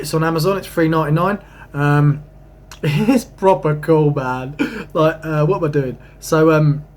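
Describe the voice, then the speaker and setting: A young man with a fairly high voice rambles excitedly about spiritual matters as a spiritual channel host, shifting between hushed asides and emphatic bursts and swearing casually.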